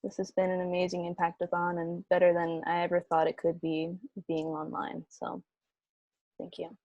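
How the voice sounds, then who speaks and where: A woman facilitator on a video call, giving soft closing remarks and leading a breathing exercise, with many fillers. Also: on the low side, completely flat delivery, normal speed, dry recording, muffled recording. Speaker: program facilitator.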